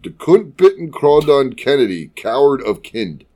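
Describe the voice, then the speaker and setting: A man's voice: mid-range voice, big pitch swings, a little slow, a little mellow. A man co-hosting a casual chat, reading old slang terms aloud and often breaking into laughter. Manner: laughs often, drawls and lingers over words. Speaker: podcast co-host.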